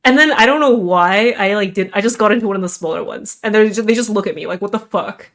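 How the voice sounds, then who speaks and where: Chatty young woman streamer, rambling and self-deprecating, mid pitch, casual stream talk. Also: fast talker, a bit bright.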